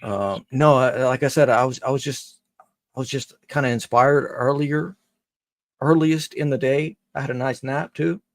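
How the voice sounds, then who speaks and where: A man's voice: medium pitch, moderate pace, no echo. A man chatting casually on a live stream, rambling and joking and swearing freely.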